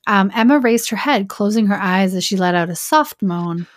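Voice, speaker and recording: A woman's voice: medium pitch, animated, moderate pace, dry recording, clean studio sound. A woman podcast host reading an erotic story aloud and breaking off into joking asides.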